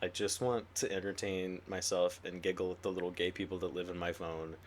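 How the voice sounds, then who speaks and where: A young adult man co-hosting a podcast in casual chat, animated and giggly, full of jokey rants. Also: deep voice, a little fast, slight background noise. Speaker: podcast co-host.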